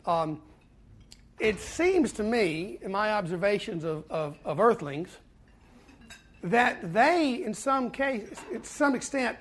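A man's voice: high-pitched, fairly bright tone. Earnest man telling his recovery story. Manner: earnest storytelling with pauses and repeats. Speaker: speaker at a twelve-step fellowship meeting. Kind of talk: personal recovery talk to a meeting.

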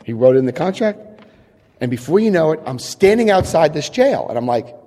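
A man's voice: on the high side, very animated, a little fast, mellow. A middle-aged man from New Jersey giving a recovery meeting talk, telling his story animatedly, acting out quotes and laughing at himself. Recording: long hall reverb.

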